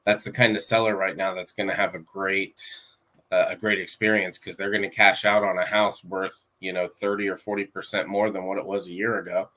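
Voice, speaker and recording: A man's voice: sits low, little pitch movement, brisk, bright, forceful tone. A man talking casually as a real estate agent guest on a podcast, matter-of-fact with some fillers. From Florida.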